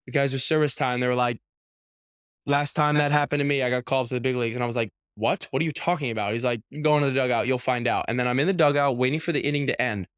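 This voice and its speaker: Young male athlete guest, chatty and animated, smooth clear voice, dry close sound. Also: mid-range voice, racing, no room sound. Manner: animated storyteller, heavy use of "like", acts out quotes. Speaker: professional baseball pitcher, guest. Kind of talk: casual storytelling interview.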